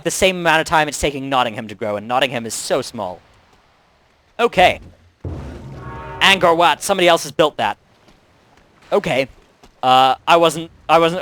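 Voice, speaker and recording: A man's voice: a little high, fairly bright tone, no echo. A young man hosting a video game Let's Play, chatting casually with wry asides while he plays. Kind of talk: casual gameplay commentary.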